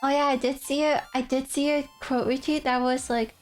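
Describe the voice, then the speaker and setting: A young woman livestreamer chatting casually, rambling and giggling as she tells animated stories. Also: high-pitched, normal speed, faint music behind. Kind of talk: casual stream chat.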